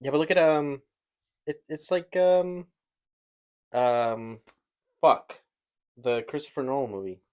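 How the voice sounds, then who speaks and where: A man's voice: mid-range voice, slow pace, long pauses, smooth. A man co-hosting a podcast, rambling in casual chat, laughing and swearing as he goes. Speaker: podcast co-host.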